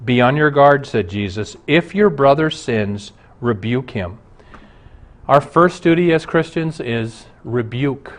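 A middle-aged male pastor delivering a broadcast sermon, earnest and emphatic, his intensity rising and falling. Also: mid-range voice.

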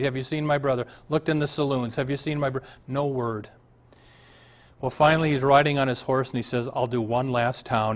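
A male pastor, preaching a sermon that moves from storytelling to emphatic outbursts. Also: mid-range voice.

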